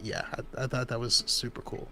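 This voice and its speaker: An easygoing man with a mid-range voice co-hosting a podcast, chuckling often as he reads viewer comments. Faint music plays softly behind him. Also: mid-range voice, level tone, a little fast, vocal fry. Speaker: podcast co-host. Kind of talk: casual chat.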